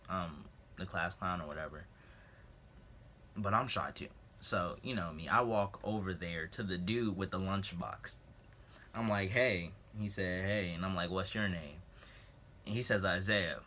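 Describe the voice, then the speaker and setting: Teen male vlogger with a low, forceful voice, loose and rambling as he tells a school story. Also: a little hiss or hum. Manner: rambling, jokey asides, clears throat often. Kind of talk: casual storytelling.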